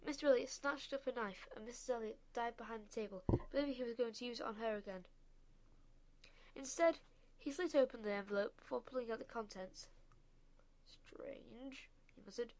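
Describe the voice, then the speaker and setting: Woman reading a kids story out loud, expressive, slightly high voice. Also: brisk. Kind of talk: storybook narration.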